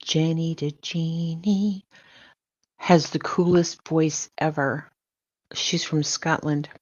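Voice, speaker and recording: An older woman hosts a casual livestream, talking in an unhurried, fairly low voice. She greets her viewers warmly, calling them baby and sweetheart. The sound is dry and a little dull, like a lo-fi home mic. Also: fairly even intonation, no room sound. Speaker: livestream host.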